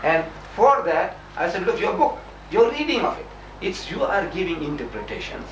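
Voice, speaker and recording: An older man argues with emphatic, animated energy and slips into voices for his quotes. His voice sits a little high. It comes from a distance in an echoey room, with faint noise underneath. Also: moderate pace. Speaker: Muslim debater. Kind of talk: lively debate with a missionary.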